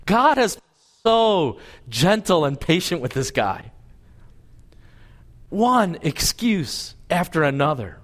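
Animated man preaching a sermon. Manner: animated storytelling, voicing God and Moses with lively pitch swings. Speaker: pastor. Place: church service.

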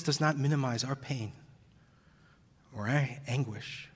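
A man's voice: medium pitch, unhurried, long pauses, slightly rough. A male pastor preaching an earnest, heavy-hearted sermon, audibly emotional at times. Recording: long reverb of a large hall.

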